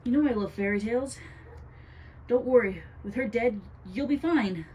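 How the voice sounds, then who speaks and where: A woman's voice: a little high, normal speed, darkish tone, husky, pitched above the performer's own voice, poor audio. A woman voicing a bold, clever young girl who speaks urgently and accusingly.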